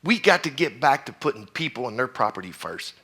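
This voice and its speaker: Blunt fire chief, bright voice. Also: male voice, medium pitch, sing-song, fairly quick, breathy edge. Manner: blunt, preachy, keeps asking the crowd questions. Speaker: fire chief speaking at a conference. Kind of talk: fiery conference speech.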